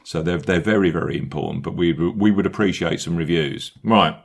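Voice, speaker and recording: A man hosting a golf betting podcast, who reads the promos briskly and upbeat and then loosens into laughing banter with his co-hosts. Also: low-pitched, vocal fry. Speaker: podcast host.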